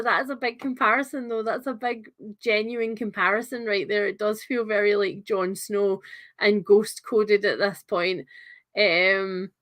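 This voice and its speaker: Young adult woman, book stream host: chatty, enthusiastic, filler-heavy, mid-pitched. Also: fairly even intonation, measured pace, fairly bright tone. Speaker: book club livestream host. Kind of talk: casual livestream book discussion.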